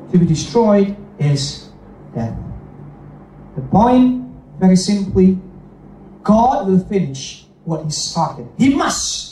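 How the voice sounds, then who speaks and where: A man's voice: sits high, mellow, slight background noise. A man preaching a bilingual sermon, emphatic and repetitive, often checking in with the congregation. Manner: emphatic, repeats phrases, checks in with "okay?" and "right?". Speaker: pastor. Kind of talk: bilingual sermon with own interpreting. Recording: echoey hall, voice from a distance.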